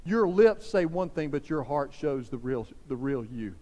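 A man acting out an indignant grown man who scolds the people around him in a low, exasperated voice. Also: animated, normal speed, a little mellow, natural voice. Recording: long hall reverb.

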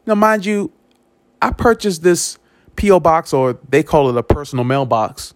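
Man, podcast host, storytelling monologue, fairly high voice, repeats words, dry close sound. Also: normal speed, no room sound. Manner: animated, repeats words, acts out quoted speech.

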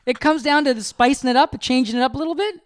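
A man's voice: very high voice, fast, clean tone, no echo. A man co-hosting a podcast with his wife, joking and swearing freely as he gets defensive on a close mic. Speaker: podcast co-host. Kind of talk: casual couple chat.

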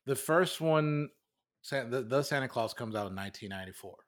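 A man's voice: medium pitch, animated, fairly quick. A young man co-hosting a podcast, chatting loosely, laughing and swearing freely. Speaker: podcast co-host. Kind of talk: casual chat.

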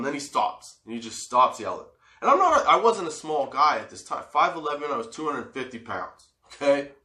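Profane, bright-voiced man telling stories. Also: fairly high pitch. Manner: profane, laughs often, animated re-enacting. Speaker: storyteller. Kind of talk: casual storytelling. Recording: echoey room.

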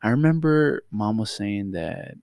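Animated low-voiced man telling stories. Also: a little slow, creaky, no room sound, clean studio sound. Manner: animated storyteller, swears freely, acts out quotes in a high voice. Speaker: podcast co-host. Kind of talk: casual chat.

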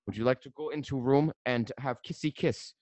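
A man's voice: mid-range voice, brisk, a little mellow, dry recording, voice pushed up, natural voice. A young man voicing a lovestruck foreign would-be actor with a mock German accent and broken English. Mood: wooing.

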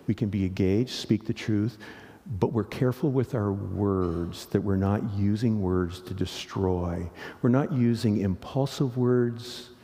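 A middle-aged man pastor preaching a sermon, earnest and animated, often asking the congregation rhetorical questions. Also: fairly low pitch, unhurried. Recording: long hall reverb.

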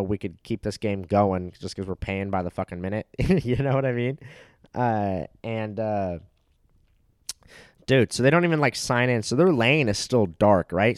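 A man's voice: on the low side, dry recording, clean studio sound. A young man telling a rambling, profane comedic story that keeps getting heated, with plenty of filler words.

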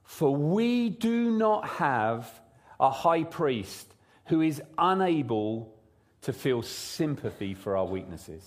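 A man preaching a sermon in a church service, praying and then talking in a lively, conversational way full of rhetorical questions. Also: on the high side, slow. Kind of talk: sermon with prayer. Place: church service, also streamed online.

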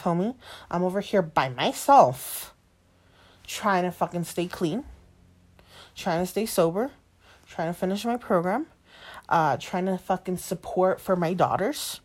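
Defiant swearing woman in her late twenties. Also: on the low side. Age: 20s. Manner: heavy swearing, defiant, repeats herself; switches between English and Spanish. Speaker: single mother. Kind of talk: venting monologue to camera.

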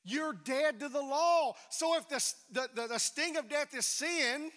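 A man preaching a sermon, emphatic, swinging between loud declarations and hushed near-whispers. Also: very high voice, measured pace. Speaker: pastor. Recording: reverberant hall.

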